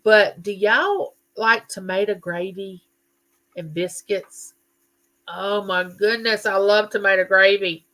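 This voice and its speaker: A woman's voice: medium pitch, steady tone, slow pace, sharp tone. A middle-aged woman, hosting a livestream in a chatty, folksy way and reading viewer comments aloud. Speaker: livestream host. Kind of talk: casual live chat reading viewer comments.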